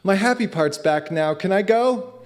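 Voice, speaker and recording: A man's voice: high voice, lively intonation, normal speed, pitched above the performer's own voice. A man voicing an earnest little boy. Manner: earnest, childlike. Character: small boy, emotionally open and earnest.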